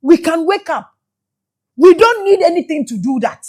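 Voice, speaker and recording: A Ghanaian woman giving emotional spiritual commentary, shouting exclamations and switching between English and Twi. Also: very high voice, lively intonation, normal speed. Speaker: spiritual teacher.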